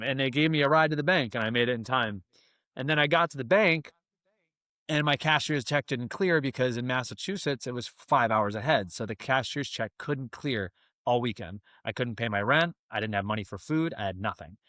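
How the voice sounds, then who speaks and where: A young man telling a long story, easygoing and animated, and he drops "man" and "dude" everywhere. His voice sits mid-range, and the room sound is dry and close. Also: mid-range voice, moderate pace, no room sound. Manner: animated, slangy, says "man" and "dude" a lot. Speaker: guest. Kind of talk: casual storytelling.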